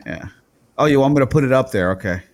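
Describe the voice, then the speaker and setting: A man's voice: mid-range voice, animated, quick pace. A man co-hosting a casual podcast, joking around and laughing often. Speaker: podcast co-host. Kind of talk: casual chat.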